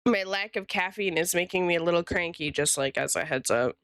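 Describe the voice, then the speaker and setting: A woman's voice: fairly low pitch, fairly quick, a bit bright, smooth, no room sound, clean studio sound. A woman streamer and illustrator chatting casually with her live viewers, rambling and greeting them by name.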